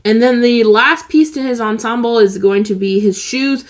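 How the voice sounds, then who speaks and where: A woman's voice: a little high, moderate pace. A woman vlogger chatting casually through a toy unboxing, laid-back and candid, with many fillers like "like" and "um".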